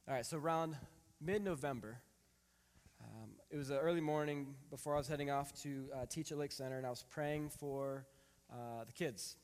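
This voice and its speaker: A man in his thirties preaching a sermon, reading scripture and telling a family story in a lively, animated way. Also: mid-range voice, normal speed. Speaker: pastor. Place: church hall. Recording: long hall reverb.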